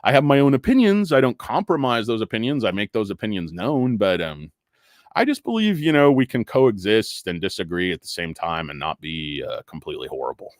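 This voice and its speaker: A man's voice: lowish voice, big pitch swings, brisk, dry recording, studio quality. A middle-aged man hosting a stock market show, ranting in rambling, jokey, profane commentary full of tangents.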